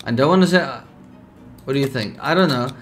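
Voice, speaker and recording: With faint music playing behind him, a young streamer speaks briskly at a medium pitch while playing a survival game. He reads the game's text aloud in a relaxed, drowsy way, broken by sudden spikes of excitement.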